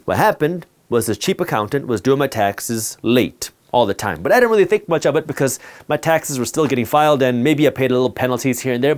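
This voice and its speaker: Male host for a finance talk. Lively pitch, punchy repetition, storytelling delivery. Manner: emphatic, repeats key words for effect.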